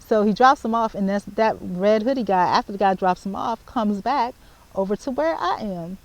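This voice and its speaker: Woman telling a story to camera, animated, repeats herself, mid pitch. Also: fairly quick, rough recording. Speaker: vlogger.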